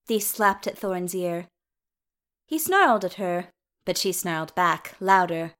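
A woman narrating a story in an unhurried, even manner. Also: fairly low pitch. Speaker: reader. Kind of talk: storybook reading.

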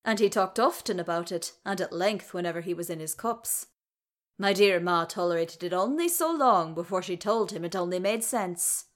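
A woman reading the part of a gruff, warm-hearted male dwarf warrior in a fan story read aloud. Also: fairly low pitch, moderate pace, lightly acted. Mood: fond. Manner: gruff, fond.

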